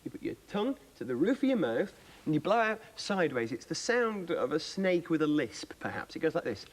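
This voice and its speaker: A man's voice: on the high side, big pitch swings, brisk. A man with a Welsh accent presenting on a children's TV show, patiently teaching and encouraging. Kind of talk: children's TV lesson.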